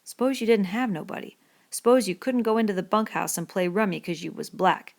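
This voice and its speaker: A woman reading the part of a bitter, lonely middle-aged male stable hand in a rough rural dialect, in an audiobook. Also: medium pitch, moderate pace, lightly acted.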